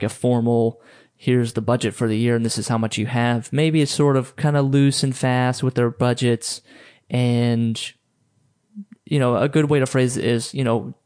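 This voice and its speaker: A man's voice: mid-range voice, a little mellow. Chatty man coaching on sales. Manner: loose and chatty, many fillers and restarts. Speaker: podcast host coaching photographers on sales. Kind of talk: casual instructional talk.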